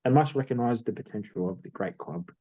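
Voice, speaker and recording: A young Australian man co-hosting a podcast, telling stories in a relaxed way with many fillers. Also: lowish voice, a little fast, dry recording, lo-fi sound. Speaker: podcast co-host. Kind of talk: casual chat.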